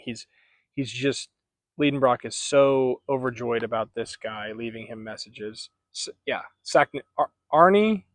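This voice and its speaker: Male vlogger, mid-pitch, loose and chatty book-review delivery, dry close sound. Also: no room sound. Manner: chatty, rambling, self-correcting.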